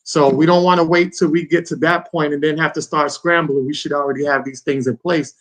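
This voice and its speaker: Rambling man with a higher voice. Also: fairly even intonation, a little fast. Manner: rambling, loose, repeats "you know what I'm saying". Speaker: podcast co-host. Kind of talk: casual chat.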